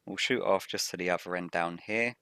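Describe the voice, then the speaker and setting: A man hosting a game Let's Play with a rough morning voice, explaining each step methodically as he plays. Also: sits low, a little fast, bright, forceful tone, no room sound. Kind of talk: gameplay commentary.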